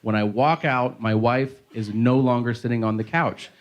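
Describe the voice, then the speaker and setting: A man doing a stand-up set, telling stories with animated shouted voices. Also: medium pitch, normal speed, dull audio. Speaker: stand-up comedian. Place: large venue with audience. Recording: live hall with crowd noise.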